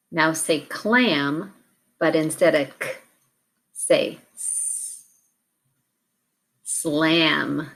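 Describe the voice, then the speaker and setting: Slow, low-voiced woman teacher. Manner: clear, carefully enunciated, pausing between prompts. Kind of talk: slow, deliberate phonics drill instruction.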